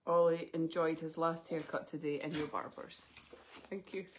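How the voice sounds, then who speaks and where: A woman in her thirties, teary and soft-spoken as she chats through opening parcels live. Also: deep voice, little pitch movement, normal speed, a little hiss or hum. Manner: tearful, soft-spoken, sniffly. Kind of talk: emotional live unboxing chat.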